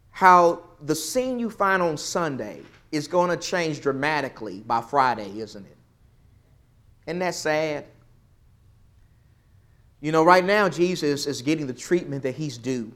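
A man leading a Bible study lesson, quizzing the class and swinging from loud emphasis to quiet, soft remarks. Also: a little high. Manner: questions the class, swells loud then drops soft for emphasis.

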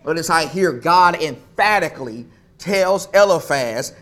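A man's voice: a little high, animated, unhurried, a bit bright. A man preaching a sermon as pastor, emphatic, repeating phrases for stress.

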